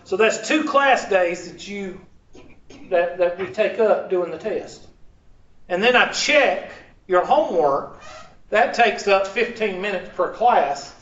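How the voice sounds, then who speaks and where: A male math instructor with a high-pitched, slightly bright voice and lively intonation gives a slow-paced lecture in a large classroom. He jokes around with students and has them fill in the ends of his sentences. The recording is echoey, dull, and distant.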